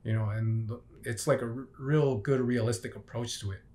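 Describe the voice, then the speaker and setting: A man's voice: mid-range voice, fairly even intonation, moderate pace, dark tone. A young man giving a casual, unscripted movie review, rambling with many fillers and restarts. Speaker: film reviewer.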